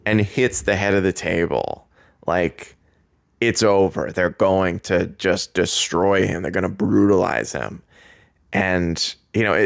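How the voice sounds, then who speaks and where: A fairly low-voiced man talking through a wrestling moment on his podcast, full of fillers and little laughs as he gets excited. The sound is close and dry, with no room around it. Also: vocal fry, no room sound. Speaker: podcast host. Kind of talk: casual wrestling recap.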